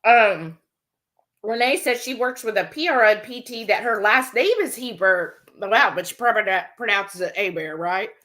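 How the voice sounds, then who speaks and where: A woman hosting a cooking livestream, chatting and telling stories as she reads viewer comments aloud. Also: medium pitch. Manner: chatty storyteller, quick animated asides. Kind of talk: casual chat, reading viewer comments aloud.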